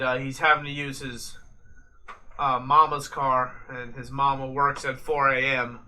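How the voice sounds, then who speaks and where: Bright and forceful at medium pitch, a young American podcast co-host chats casually over a live late-night fight. His talk rambles, with plenty of jokes and swearing.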